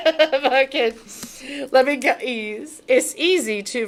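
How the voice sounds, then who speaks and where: A woman's voice: on the high side, takes it slowly. A woman spiritual reader talking casually to camera in a blunt, emphatic, heavily profane way.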